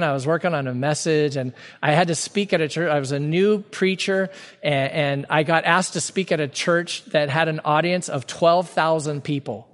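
A man preaching a sermon as pastor, earnest and emphatic, stretching key words slowly for weight. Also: fairly high pitch, fairly bright tone. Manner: earnest, emphatic preaching with sudden slow-downs. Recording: long hall reverb.

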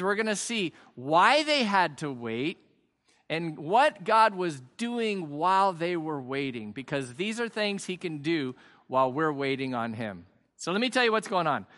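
Upbeat pastor guy, high bright voice, chatty and jokey, preaching to an empty room. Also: big-room sound. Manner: chatty, joking, earnest. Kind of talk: online sermon. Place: church hall with no audience.

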